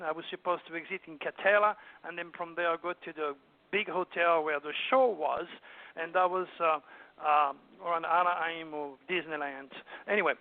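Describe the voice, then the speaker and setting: A man with a high voice tells a long personal story, rambling along with frequent hesitations. He comes through a thin, tinny phone line, as a guest on a radio show.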